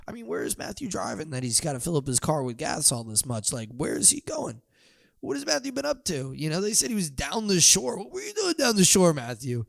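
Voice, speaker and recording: A young man hosting a podcast, telling a long rambling story full of "you know" and sudden loud drawn-out yells. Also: medium pitch, big pitch swings, vocal fry, dry recording, clean studio sound. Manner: loose, meandering, swings into loud drawn-out yelled bits. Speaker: podcast host.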